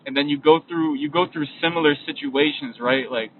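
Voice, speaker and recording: A man's voice: on the high side, a little fast. A young man giving a casual, rambling motivational talk as a podcast host, often repeating himself and restarting his sentences. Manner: casual, repetitive, trails off and restarts. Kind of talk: motivational monologue while driving. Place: in a vehicle. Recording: distant, phone-like lo-fi recording with faint road noise.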